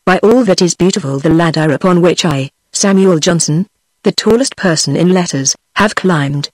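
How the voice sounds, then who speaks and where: A woman's voice: lowish voice, normal speed, dry recording. A text-to-speech voice with a British English accent, set as a woman, reading the lines of an irascible, pompous old male scholar. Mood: angry.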